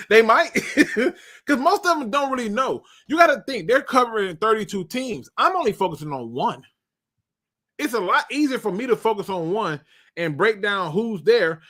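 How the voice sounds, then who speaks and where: Lively, high-voiced man talking football. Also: normal speed. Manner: animated, joking, colloquial. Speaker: sports show host. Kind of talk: live-stream football draft talk.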